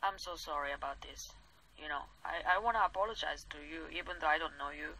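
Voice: mid-range voice, fast, bright, forceful tone, low-quality recording. A vlogger ranting indignantly, with many "like" fillers and non-native English phrasing. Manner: indignant, heavy use of "like" fillers. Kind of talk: angry commentary rant.

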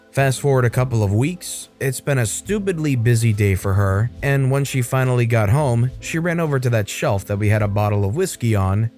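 Male narrator, mid pitch, scripted story reads, faint music bed. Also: a little mellow. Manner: reads stories aloud with brief commentary.

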